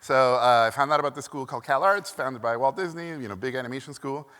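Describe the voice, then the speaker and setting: Speaking quickly at medium pitch, the man sounds bright and forceful. He's a keynote speaker from Mexico, animatedly telling stories with acted-out quotes and frequent "uh"s. A stage mic captures him in a large, echoey hall.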